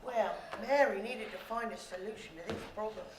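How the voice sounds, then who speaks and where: A woman storyteller telling a story to a live audience in an animated way, asking her listeners questions and bantering with them. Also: mid-range voice, normal speed. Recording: roomy with faint background noise.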